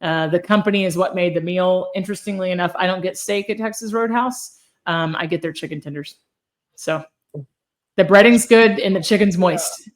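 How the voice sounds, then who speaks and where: A woman with a fairly low voice co-hosts a casual food podcast. She tells her stories in a chatty, animated way and laughs often. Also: normal speed. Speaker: podcast co-host. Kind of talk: casual chat.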